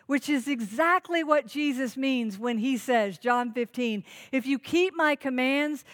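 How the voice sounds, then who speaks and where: A woman pastor preaching a sermon, earnest and emphatic, asking the congregation questions. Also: high voice.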